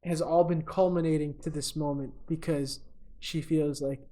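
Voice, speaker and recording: This podcast co-host is a young man with a slightly high, dark-toned voice, fairly even intonation and a normal speaking speed. His casual, comedic movie recap is full of ums and uhs, and he laughs at his own jokes as he goes.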